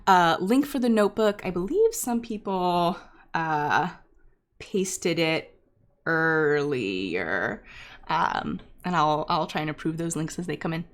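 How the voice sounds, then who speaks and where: A woman teaches a live online class without a script, talking to her viewers as she goes. Her voice sits a little low, and her speech is loose and chatty, full of ums and restarts. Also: lively intonation, slow. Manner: talks straight to viewers in chat. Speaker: instructor hosting a data science livestream. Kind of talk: unscripted livestream teaching.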